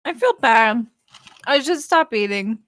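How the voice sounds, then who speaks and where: A woman co-hosting a casual live stream, playful and quick to laugh. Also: on the high side, animated, a bit bright, no room sound. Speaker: co-host and content creator.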